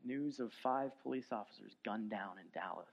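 A man preaching a sermon as pastor, earnest, moving from soft, low passages to loud, emphatic ones. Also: normal speed, creaky. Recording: dull lo-fi sound.

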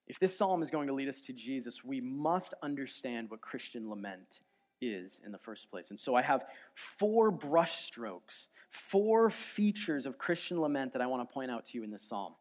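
A man preaching a sermon as pastor, earnest, moving from soft, low passages to loud, emphatic ones. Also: big pitch swings, moderate pace. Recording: dull lo-fi sound.

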